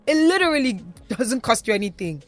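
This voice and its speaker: A radio co-host with a Nigerian accent chats casually from the studio, animatedly telling stories packed with asides and fillers. Her voice is a little high and a little fast, with soft background music behind her.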